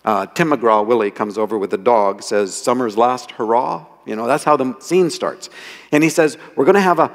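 A man telling lively anecdotes as the author speaking to an audience, quoting people as he goes. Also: mid-range voice, normal speed. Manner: animated storyteller, quotes people in voices. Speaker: author giving a talk. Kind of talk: storytelling talk. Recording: reverberant hall.

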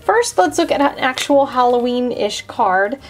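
Chatty woman with a higher voice. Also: expressive, measured pace, faint music behind. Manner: chatty, explains step by step. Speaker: card-making host. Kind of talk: casual craft tutorial.

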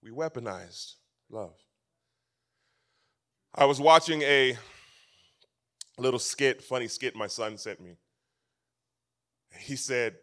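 A man preaches a sermon in an animated storytelling voice of middling pitch. His volume swings from loud bursts to soft asides, and he sometimes stumbles, repeating words as he reaches for the next thought. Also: takes it slowly, pauses often. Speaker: pastor.

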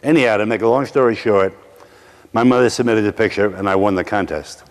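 Middle-aged preacher guy from brooklyn, kinda low voice, wry asides, echoing hall. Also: a little fast. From Brooklyn, New York. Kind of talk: sermon storytelling.

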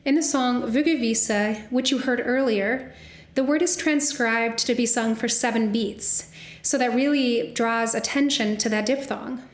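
A woman's voice: fairly high pitch, unhurried, reverberant. A young woman, a soprano, giving an academic lecture and carefully spelling out sounds as she explains.

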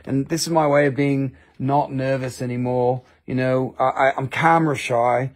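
Selling crystals over a live stream, this Appalachian-accented man keeps up a rambling, casual patter full of self-deprecating jokes and free swearing. He talks at a moderate pace in a steady, medium-pitched voice, barely pausing.

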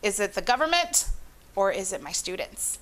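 A woman's voice: medium pitch, big pitch swings, normal speed, fairly bright tone. A woman from Honduras, a psychologist guest speaking expressively in an interview with emphatic, varied intonation. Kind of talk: interview conversation.

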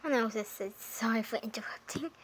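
A woman's voice: on the high side, a little fast, background noise. A woman in a casual vlog, rambling and hesitant as she demonstrates animal noises. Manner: rambling and hesitant, with restarts and apologies.

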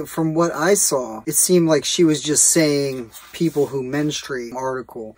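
Male vlogger, loose and swearing, middle pitch, dry close sound. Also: husky, dry recording. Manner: rambling and profane, heavy with fillers. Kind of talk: casual opinion rant.

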